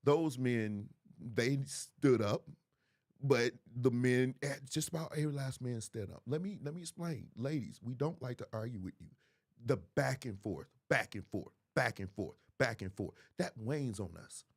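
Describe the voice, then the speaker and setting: A man's voice: mid-range voice, moderate pace. A man, hosting a livestream commentary in an emphatic, preachy way, repeating phrases for effect. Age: 40s. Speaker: host.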